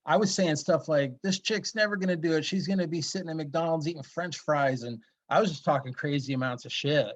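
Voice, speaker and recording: Man host, loose and crude, slightly high voice, muffled call audio. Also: brisk, few pauses. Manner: laughs along, crude and loose. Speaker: podcast host. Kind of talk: casual chat on a video call. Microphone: video call.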